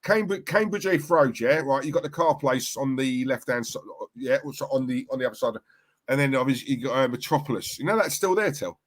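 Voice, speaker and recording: A man's voice: mid-range voice, lively intonation, fairly quick. A man co-hosting a live football watchalong, chatting in slangy banter with the viewers and his co-host. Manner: chatty, banter-heavy, slangy, laughs a lot. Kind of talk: casual live-stream chat.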